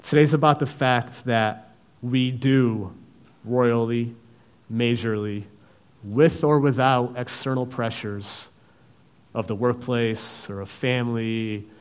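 A man preaching a sermon, reading scripture and acting out the characters' lines with sudden loud outbursts. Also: mid-range voice, steady tone, slow pace, clear, resonant tone. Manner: acts out biblical voices, dramatic swings in loudness.

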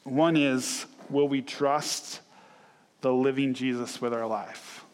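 A man preaches in a relaxed, conversational way, slipping into lively quoted voices as he tells stories. His voice sits mid-range and rings through a church sanctuary with a long reverb tail. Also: medium pitch, slow. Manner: conversational, storytelling, animated acted quotes. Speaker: pastor. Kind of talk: sermon.

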